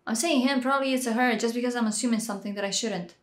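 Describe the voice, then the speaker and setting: A woman's voice: on the high side, steady tone, fast, hardly any pauses, background noise. A woman hosting a reaction video, talking through a show with emotional exclamations and gushing. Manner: emotional, exclaims and gushes loudly. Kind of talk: excited reaction commentary. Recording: echoey room with show audio behind.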